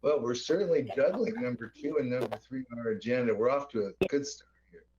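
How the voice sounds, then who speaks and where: A man's voice: mid-range voice, fairly quick, a little mellow, highs cut off, slight background noise. A man chairing a county board meeting, moving through the agenda in a procedural, lightly self-deprecating way.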